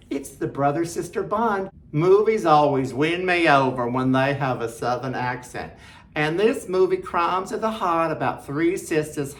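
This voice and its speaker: Host: a woman with a slightly low voice, enthusiastic and chatty as she pitches films. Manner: enthusiastic, chatty, jokey asides. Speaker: film reviewer host. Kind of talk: casual film recommendations.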